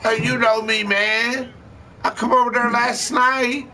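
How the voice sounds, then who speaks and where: A man's voice: very high-pitched, flat delivery, measured pace, pushed and bright, recorded from a distance, slight background noise, pitched above the performer's own voice, full character voice. A man voicing a desperate male street addict who stammers and begs. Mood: pushy begging. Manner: stammering, begging.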